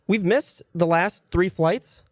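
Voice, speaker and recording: A man appearing as a guest on a podcast, joking around in quick casual banter. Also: high-pitched, dry recording, studio quality.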